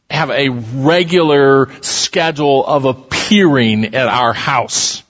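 Male pastor, sermon, high and very animated, storytelling, dull reverberant hall recording.

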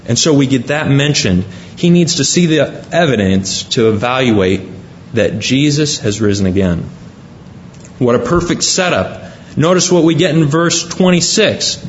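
A man's voice: on the high side, lo-fi sound, a little hiss or hum. A man preaching a sermon, reading scripture aloud and explaining it point by point.

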